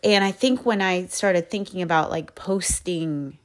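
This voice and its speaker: Podcast host lady, low-ish voice, talks real slow, soft and open, lots of pauses while she thinks. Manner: soft-spoken, candid, searching for words with many pauses. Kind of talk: reflective personal monologue.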